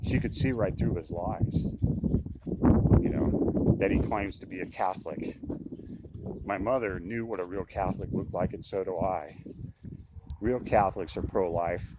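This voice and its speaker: Low-voiced older man with opinions. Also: unhurried, pauses often, very noisy. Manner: conversational, repetitive, indignant. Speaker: commentator. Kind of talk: casual monologue.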